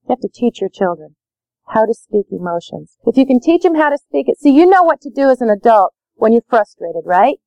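A woman's voice: high voice, darkish tone, dry recording, lo-fi sound. A woman leading a parenting workshop, talking emphatically with lots of repetition. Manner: emphatic, repetitive, acts out dialogue. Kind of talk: live workshop talk.

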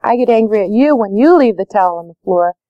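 A woman's voice: mid-range voice, animated, fast, dry recording, highs cut off. A woman leading a parenting workshop, talking emphatically with lots of repetition. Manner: emphatic, repetitive, acts out dialogue. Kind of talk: live workshop talk.

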